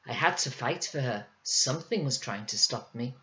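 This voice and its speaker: A woman's voice: very deep voice, lively intonation, moderate pace, fairly bright tone, poor audio. A woman voicing a shy, serious young boy who speaks hesitantly. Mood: proud.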